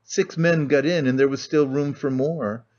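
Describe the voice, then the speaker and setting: A man reading a classic novel aloud as an audiobook narrator, in a measured storytelling manner. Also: medium pitch, fairly even intonation, a little mellow. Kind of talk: scripted narration. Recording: muffled lo-fi audio.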